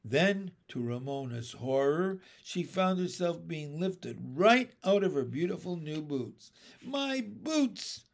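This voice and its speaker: A man narrating a children's book aloud in a measured, expressive storytelling manner. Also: a little high, vocal fry.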